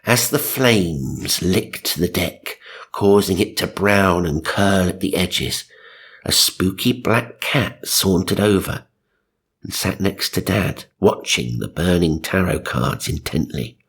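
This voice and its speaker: Deep husky narrator. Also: male voice, expressive, takes it slowly, a bit bright. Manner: dry, sarcastic asides. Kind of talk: comic reading of magazine stories.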